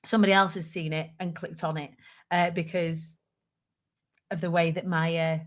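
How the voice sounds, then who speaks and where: A middle-aged woman from the United Kingdom, chatting casually to camera in a rambling, warm-hearted way, with many fillers. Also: on the low side, level tone, normal speed. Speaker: vlogger. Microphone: computer webcam.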